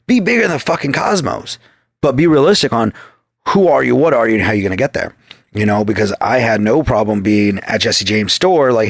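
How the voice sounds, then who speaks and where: Talking briskly in a creaky, medium-pitched voice with lively intonation, a podcast guest tells loose, profane stories. He swears constantly and acts out quoted back-and-forth, captured with clean studio sound and no echo.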